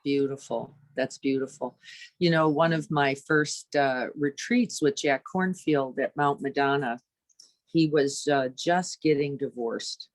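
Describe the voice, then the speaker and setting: A woman meditation teacher giving a dharma talk, lively and searching, tossing rhetorical questions to her listeners and acting out inner voices. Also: very deep voice, measured pace, no echo.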